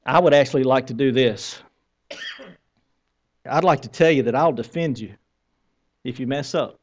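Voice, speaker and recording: A man's voice: medium pitch, moderate pace, long pauses. A man with a Southern American accent preaching a conversational sermon, asking the congregation questions and joking at his own expense. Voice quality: bearded. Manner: conversational preaching with questions to the crowd, wry humor. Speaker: pastor.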